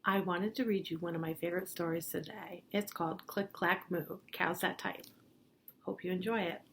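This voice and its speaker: A woman reading a picture book aloud to children in a gentle, playful way, pausing to point out the pictures. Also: on the low side, steady tone, vocal fry, slight background noise. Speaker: storybook reader for children.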